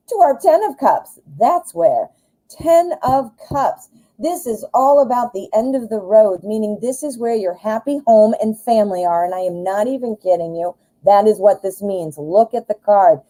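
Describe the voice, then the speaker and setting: A woman hosting a live tarot stream, chatty, excitable and often giggling as she reads the cards. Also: mid-range voice, normal speed, low-quality recording.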